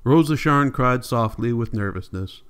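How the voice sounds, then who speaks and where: A man narrating a classic novel as an audiobook, steady and measured. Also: medium pitch, smooth. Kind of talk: scripted narration.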